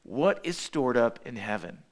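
A man preaching a sermon as pastor, walking through Bible verses one by one and acting out quoted voices with sudden high bursts. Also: sing-song, a little slow.

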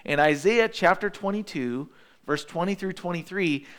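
Man, pastor, sermon, fairly high voice, verse-by-verse preaching, high bursts for quoted voices. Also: moderate pace, a bit bright, clear, resonant tone.

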